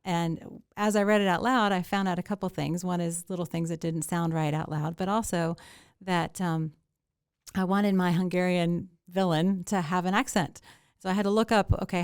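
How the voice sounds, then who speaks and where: A middle-aged woman with a low voice and a gravelly edge, talking fast with restarts and ums as she chats about her writing. The sound is smooth and dry, with no room around her. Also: dry recording. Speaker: author guest. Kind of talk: casual interview chat.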